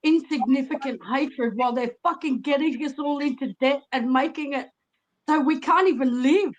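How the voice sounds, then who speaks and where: High-voiced woman, upset and blunt. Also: normal speed, dull audio. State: tearful. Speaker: call-in guest. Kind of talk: emotional casual conversation.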